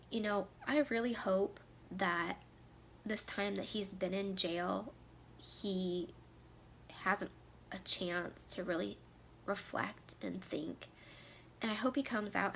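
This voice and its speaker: A tearful woman in her thirties speaks openly to the camera, her voice gravelly with vocal fry. At times she drops to a near whisper. A faint hiss sits under her voice. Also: mid-range voice, fairly bright tone. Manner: emotional, heartfelt, voice dropping to a near whisper at times. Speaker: vlogger. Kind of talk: candid personal talk to camera.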